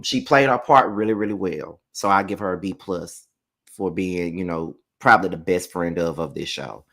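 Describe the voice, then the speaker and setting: A man's voice: fairly low pitch, a bit bright. A man casually reviewing a reality show on his channel and grading each cast member. He talks loosely and bluntly, with plenty of ums. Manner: loose and chatty, hands out grades with frequent ums; blunt, candid opinions. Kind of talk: casual live review commentary.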